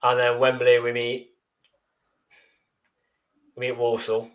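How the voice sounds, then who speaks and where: A man co-hosting a live football fan show, chatting casually with dry, deadpan jokes and reading out viewer comments. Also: medium pitch, takes it slowly. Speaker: podcast co-host.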